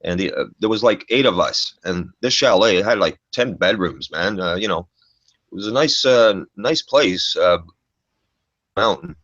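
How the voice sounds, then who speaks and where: A man's voice: low voice, lively intonation, measured pace, fairly bright tone, no echo. A middle-aged man telling a story in casual chat, profane and emphatic, ending lines with "man". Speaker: storyteller guest. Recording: dull lo-fi dry recording.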